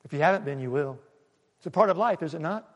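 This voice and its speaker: A man preaching a sermon, swinging between loud and hushed and asking the congregation questions. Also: fairly high pitch, animated, fast talker, long reverb tail, lo-fi sound. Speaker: pastor.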